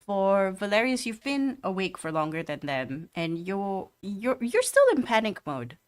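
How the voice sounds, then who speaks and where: A woman's voice: mid-range voice, sing-song, a little slow, clean tone. A woman narrating as game master of a tabletop game, hesitant with many fillers.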